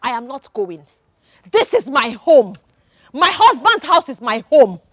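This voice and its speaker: Defiant nigerian wife, really high voice swinging all over, yelling accusations. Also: female voice, very animated, measured pace, dry recording, clean studio sound, heavily acted. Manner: shouting, indignant, accusing. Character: fierce loyal young wife, defiant and proud. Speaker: wife defending her husband. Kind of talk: film drama acting.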